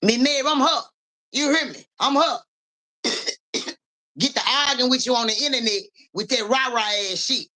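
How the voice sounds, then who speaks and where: Speaking at a normal speed with frequent pauses, a woman with a high-ish, bright, forceful voice does a casual livestream as a psychic reader. Her profane street slang is peppered with viewers' names and repeated "you hear me" checks, plus the odd cough and throat-clearing.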